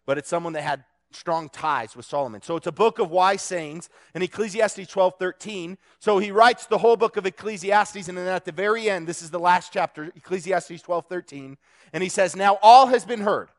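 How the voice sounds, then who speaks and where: High-voiced man giving a casual sermon. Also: moderate pace. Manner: conversational, joking, with restarts.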